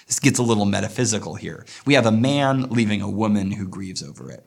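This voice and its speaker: A man teaching a poetry lesson, explaining verse and slowing down to read lines aloud thoughtfully. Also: fairly low pitch, animated, creaky. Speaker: literature teacher.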